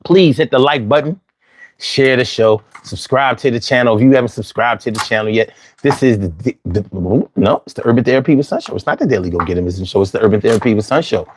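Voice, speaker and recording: A man's voice: medium pitch, fast. A man hosting a call-in talk show, talking with lots of repetition and street slang. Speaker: host.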